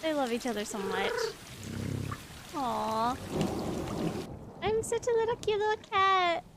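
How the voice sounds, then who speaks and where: A woman streamer giving excited gameplay commentary, giggling and squealing as she gushes over how cute everything is. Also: extremely high pitch, slow pace, background noise. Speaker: video game streamer.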